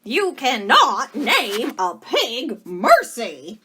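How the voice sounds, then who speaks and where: A woman's voice: mid-range voice, wildly swooping pitch, slow pace, slight background noise. A woman doing a stern, scolding older sister. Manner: sharp, scolding, emphatic.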